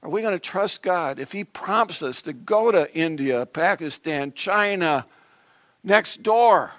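Animated high-voiced male preacher. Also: unhurried. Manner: animated, conversational preaching with dramatic asides. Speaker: pastor. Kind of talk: sermon.

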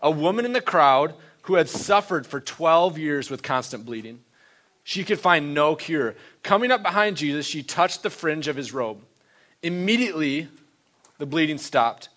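A man's voice: on the high side, expressive, normal speed, a bit bright. A man preaching a conversational sermon, stressing points with repeated questions and short reading passages. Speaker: pastor.

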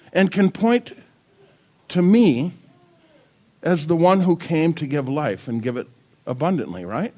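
An older man preaching a sermon, firing rhetorical questions at the congregation and joking with his grandchildren. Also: high voice. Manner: animated, asks the audience many questions. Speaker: pastor.

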